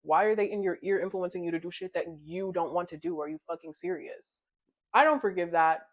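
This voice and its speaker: A woman's voice: on the low side, fairly quick. A young woman casually recapping a novel in a chatty way, swearing freely and acting out the characters' lines. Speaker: book reviewer. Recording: dull lo-fi sound.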